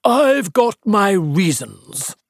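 In a dry, studio-quality recording, a woman reader voices a self-important, gossiping older spinster who disapproves of her neighbours. Her mid-range voice is very animated, slightly rough, at normal speed, and pitched above her own natural voice.

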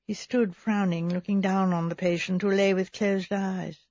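Brief: woman audiobook narrator, measured and husky, dry, slightly dull sound. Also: medium pitch, flat delivery, darkish tone, dry recording. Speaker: audiobook reader. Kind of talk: scripted narration.

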